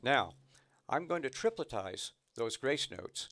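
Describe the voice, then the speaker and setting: A man's voice: medium pitch, very animated, measured pace, very noisy. A man teaching snare drum technique, patiently explaining and counting rhythms aloud between demonstrations. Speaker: drum instructor. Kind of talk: instructional demonstration.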